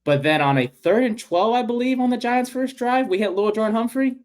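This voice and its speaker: A man co-hosting a sports podcast, chatting casually with lots of fillers and sudden bursts of excitement. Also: very high voice, brisk. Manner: excitable, many fillers, bursts of loud enthusiasm. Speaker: podcast co-host.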